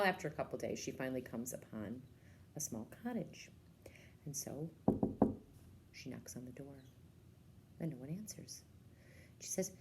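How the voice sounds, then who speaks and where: A woman's voice: sits low, a little hiss or hum. A woman librarian giving a casual, enthusiastic book talk and retelling a story, with lots of ums and uhs.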